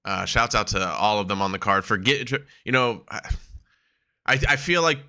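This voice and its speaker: A man's voice: on the low side, normal speed, pushed and bright. A man co-hosting a wrestling podcast, chatting casually, swearing freely and laughing often as he acts out quotes. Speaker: podcast co-host.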